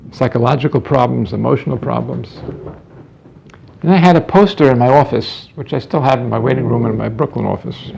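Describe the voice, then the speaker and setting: A man's voice: mid-range voice, vocal fry, a little mellow, slight background noise. A male psychologist telling a story from his practice, acting out the dialogue and often repeating words, in a dull lo-fi recording. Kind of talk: anecdotal storytelling talk.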